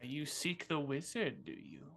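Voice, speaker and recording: A man voicing an eerie old female witch who speaks slowly and quietly in a low murmur. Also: big pitch swings, vocal fry, faint music behind, full character voice. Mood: musing. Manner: slow, low, murmuring delivery.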